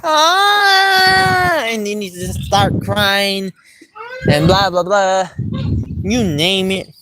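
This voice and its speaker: A woman tells a long, casual story at a slow, unhurried pace, often stopping short and going back over the same words. Her slangy way of talking has an unscripted, off-the-cuff feel. A clear hiss and clicking sounds run under her voice throughout. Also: medium pitch, flat delivery. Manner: repetitive, halting, slangy.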